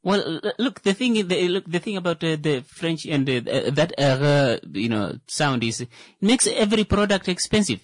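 A man's voice: a little high, very animated, normal speed, no room sound. A man co-hosting a casual talk discussion, hesitant and searching for words, often joking.

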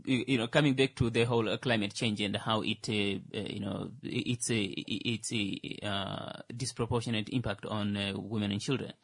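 Man, halting co-host with sarcastic streak, dry studio sound. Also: fairly low pitch, steady tone, gravelly, a bit bright, breathy edge, no room sound. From Namibia. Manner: hesitant, many fillers, dry sarcastic humor. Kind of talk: casual discussion.

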